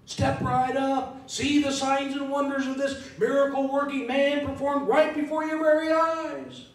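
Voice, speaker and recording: A man preaching voicing a brash male carnival barker who hawks a sideshow with a drawn-out showman's call. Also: very high voice, level tone, pitched above the performer's own voice. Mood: hyping. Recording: echoey sanctuary from a distance.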